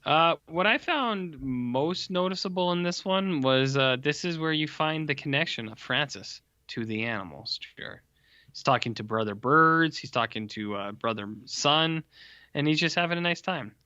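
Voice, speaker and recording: A man with a bright, forceful tone co-hosts a casual film podcast and recaps the plot with wry, deadpan asides. The recording is dry and a bit dull, with no room sound. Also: fairly high pitch, moderate pace, no room sound. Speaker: podcast co-host. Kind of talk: casual film-review chat.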